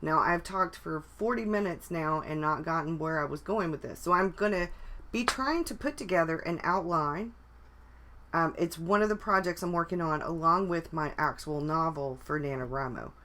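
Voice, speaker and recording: Low-voiced woman chatting casually on a livestream. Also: measured pace, noisy background. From United States. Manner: rambling, with many restarts and fillers. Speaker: vlogger. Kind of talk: casual live chat.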